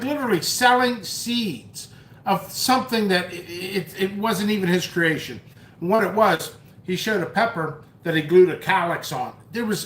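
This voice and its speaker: A high-pitched, fairly bright voice comes from a man in an echoey room at home, eating noodles while he livestreams. He chats loosely, reads comments and tells a story, frequently mocking and restarting what he says.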